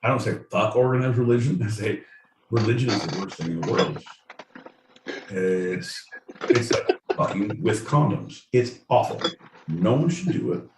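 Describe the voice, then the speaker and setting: A man's voice: on the low side, moderate pace. Roomy-sounding crude, rambling podcast man. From Southern California. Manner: crude, rambling, mock-indignant riffing. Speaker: podcast co-host. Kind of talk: casual comedic banter. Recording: roomy, distant mic with faint noise.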